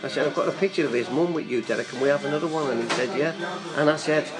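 A man's voice: mid-range voice, rapid-fire, music in the background, poor audio. An older man telling a long, chatty, rambling story as a guest on a talk show. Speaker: guest fan. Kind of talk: casual storytelling.

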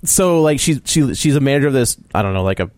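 A man co-hosting a podcast, telling a story in casual chat with animated delivery and frequent laughs. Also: medium pitch, fast talker, no echo. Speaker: podcast co-host.

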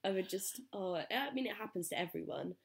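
A young woman co-hosting a podcast, animated and exclamatory as she tells stories. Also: medium pitch, brisk, vocal fry. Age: young adult. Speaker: podcast co-host. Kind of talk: casual chat.

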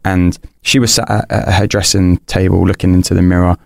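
A man's voice: low-pitched, level tone, fairly quick, vocal fry, no room sound, clean studio sound. A young man, a podcast guest, candidly telling a personal story in an earnest, rambling way, full of restarts and fillers.

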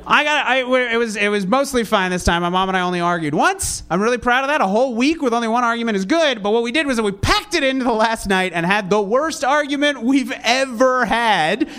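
A young man performing stand-up, with a notably high-pitched voice. He rambles in a sarcastic, self-deprecating way, mixing deadpan asides with sudden loud bursts. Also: a little fast, hardly any pauses, smooth. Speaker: stand-up comedian. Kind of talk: stand-up comedy set.

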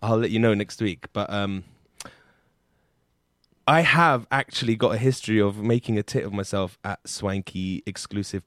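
A man hosting an improv comedy podcast, chatting in a playful, joking way with sudden loud bursts. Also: fairly low pitch, normal speed, dry recording, studio quality. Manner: playful, jokey, lively with sudden loud bits. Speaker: podcast host. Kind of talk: casual improv comedy chat.

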